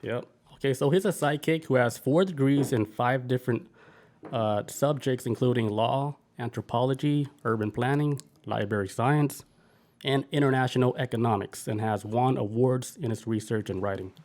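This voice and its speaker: A man's voice: mid-range voice, normal speed, a little mellow. A man hosting a podcast in loose, profane, enthusiastic casual chat. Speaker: podcast host.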